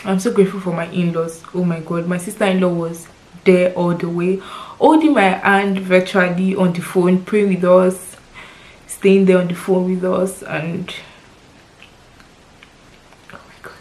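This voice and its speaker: A woman's voice: on the low side, fairly even intonation, moderate pace, darkish tone, poor audio. Tearful Nigerian woman vlogging. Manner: tearful, heartfelt, repeats words for emphasis. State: crying at times. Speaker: lifestyle vlogger. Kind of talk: personal vlog, emotional storytelling.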